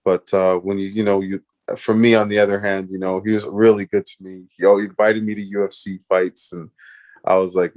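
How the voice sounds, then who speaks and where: A man's voice: sits low, little pitch movement, a little fast, a little mellow. A man from Canada, a guest in an interview, telling a story animatedly with laughs and restarts.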